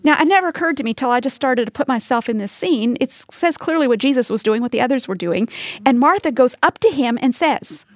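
Woman Bible teacher, fairly high voice, dry close sound, earnest and conversational with her listeners. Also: animated, fast talker, no room sound. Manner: earnest, talks straight to listeners with rhetorical questions. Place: live teaching session with women listening.

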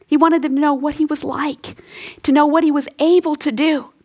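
A woman with a slightly high voice teaches scripture in an earnest, heartfelt way. She often sinks into a soft, breathy hush to stress a point. Her delivery moves between lesson and prayer. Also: fairly even intonation, normal speed. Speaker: Bible teacher. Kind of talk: radio Bible teaching ending in prayer.

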